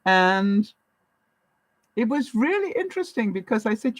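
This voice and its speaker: Woman vlogger, lively storyteller with a higher voice, laughs a lot, close dry sound. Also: moderate pace, dry recording, low-quality recording. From Canada. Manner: animated, chatty, laughs often while telling stories. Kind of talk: casual storytelling to camera.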